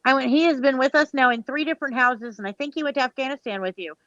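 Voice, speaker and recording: A woman talks in casual chat, telling a story with animated quoted dialogue and casual swearing. Her voice sits on the higher side. The sound is dry and a bit dull and lo-fi. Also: quick pace, dry recording.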